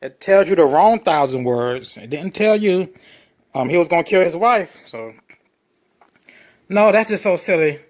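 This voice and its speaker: A man's voice: high voice, lively intonation, a little slow, long pauses. A man hosting a show, reading articles and comments aloud in a sarcastic, mock-incredulous tone and repeating phrases over and over. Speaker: show host.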